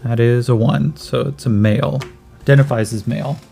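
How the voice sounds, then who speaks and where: Male game master, gravelly and mellow, laid-back tabletop narration. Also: mid-range voice, fairly quick, faint music behind. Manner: relaxed, hesitant with fillers.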